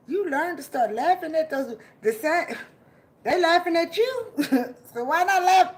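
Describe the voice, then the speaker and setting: High-voiced woman ranting and laughing. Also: lively intonation, normal speed. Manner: laughing often, swings from low murmurs to shouting. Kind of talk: preachy motivational rant.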